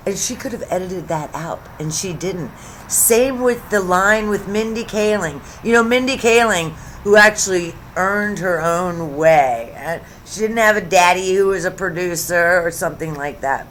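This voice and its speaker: A woman's voice: deep voice, lively intonation, measured pace, a bit bright, a little hiss or hum. A woman in her fifties talking casually to camera at home, chatty and sarcastic, drifting between topics. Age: 50s. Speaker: YouTube commentary host. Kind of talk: casual rambling commentary to camera.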